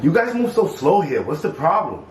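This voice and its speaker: A woman playing a rude, impatient male fast-food customer who makes curt demands, in a comedy skit. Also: low voice, big pitch swings, echoey room, a little hiss or hum, low-quality recording. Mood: demanding.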